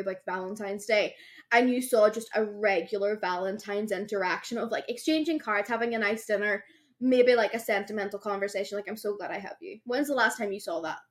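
A woman's voice: medium pitch, a little fast. A young woman co-hosting a casual podcast chat, telling stories animatedly and acting out quotes, with lots of "like". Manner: animated storytelling, acts out quotes, says "like" a lot. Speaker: podcast co-host.

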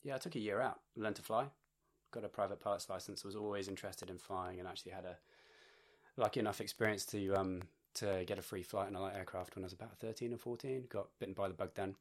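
Brief: young West Country English man, very low voice, relaxed chatty guest. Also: quick pace. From England. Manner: relaxed, chatty, laughs often. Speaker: podcast guest. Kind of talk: casual interview chat.

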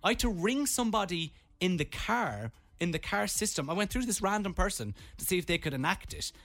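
A young Irish man, a radio host, telling a comic story in an animated way. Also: high-pitched, a little fast. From Ireland.

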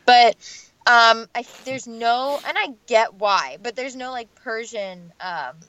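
A woman in her twenties from the United States, chatting casually as a guest. She talks fast and full of "like", and laughs a lot. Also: fairly high pitch, bright, forceful tone, dull audio. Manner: chatty, lots of "like", laughs often. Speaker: guest, singer. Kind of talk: casual podcast chat.

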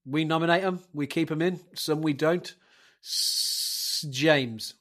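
A man's voice: fairly high pitch, slow pace, a bit bright. A man hosting a casual podcast chat, swearing and telling rambling anecdotes. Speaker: podcast host running the segment.

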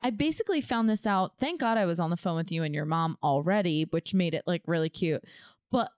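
A young woman co-hosting a podcast, telling a story in a casual, animated way and acting out the quotes. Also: brisk, smooth, no room sound, clean studio sound. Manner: animated, acts out quotes with big pitch jumps. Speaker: podcast co-host.

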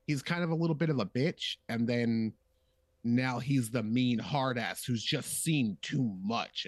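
A man's voice: medium pitch, no echo. A man in casual podcast chat, swearing freely and jumping into funny voices to act out scenes. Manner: profane, animated, acts out characters in funny voices.

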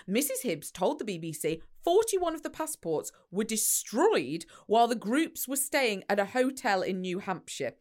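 An English woman co-hosting a podcast, laughing often and reacting with quick jokes. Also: medium pitch, very animated. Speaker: podcast co-host. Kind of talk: casual chat, reading news aloud.

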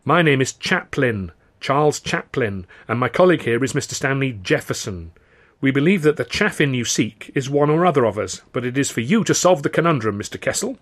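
A man's voice: medium pitch, expressive, fairly quick, fairly bright tone. A man playing a breezy, self-assured young comedian who talks in an airy, flamboyant, declamatory way.

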